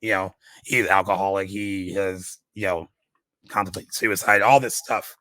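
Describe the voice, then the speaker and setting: Male podcast co-host, slightly hoarse, low flat voice, rambling delivery, dry close mic. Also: moderate pace, crowd noise, low-quality recording. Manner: rambling, with many fillers and restarts. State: voice a little shot. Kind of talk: casual movie podcast chat.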